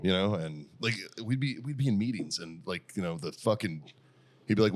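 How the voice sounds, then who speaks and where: Middle-aged American man, low voice, profane storyteller, laughs a lot, podcast chat. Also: expressive, fairly quick. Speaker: podcast host. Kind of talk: casual chat.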